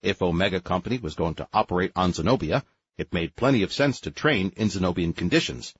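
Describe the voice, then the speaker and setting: Low, husky male audiobook narrator. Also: brisk, dry recording, muffled recording. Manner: lively, expressive reading. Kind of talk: scripted narration.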